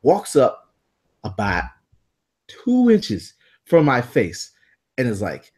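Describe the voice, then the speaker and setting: Animated profane man telling a story. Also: mid-range voice, slow, pauses often, husky. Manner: animated, profane, acts out voices. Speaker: podcast co-host. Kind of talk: casual storytelling.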